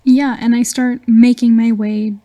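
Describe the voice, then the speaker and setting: A woman's voice: a little high, flat delivery, a little slow, dark tone. A woman playing a tabletop game, firmly declaring her character's actions. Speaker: player.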